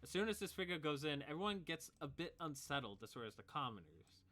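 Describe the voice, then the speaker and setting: A man's voice: on the high side, very animated, fast talker, pushed and bright. A man narrating a tabletop role-playing game as game master, now and then raising his voice for tavern figures.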